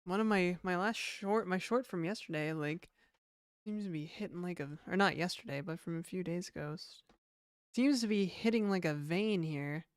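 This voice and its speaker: A woman on the low side of the pitch range speaks at a normal pace with a clean tone. She's casually streaming game development, chatty and rambling between reactions, reacting to chat and swearing freely. The recording is dry and studio quality.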